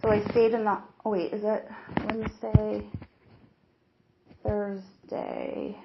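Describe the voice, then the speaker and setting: A young woman, a new mother, recounting a distressing personal experience in a halting, earnest way with frequent restarts. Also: medium pitch, level tone, vocal fry, noisy background. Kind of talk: emotional personal account. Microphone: hidden recorder. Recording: roomy, dull lo-fi secret recording.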